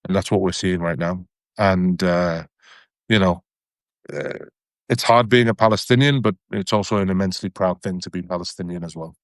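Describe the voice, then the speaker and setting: A man's voice: deep voice, normal speed, no room sound, studio quality. A man guest speaking earnestly and emphatically in an interview, building his points through repetition. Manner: earnest and emphatic, repeating phrases. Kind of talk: interview testimony.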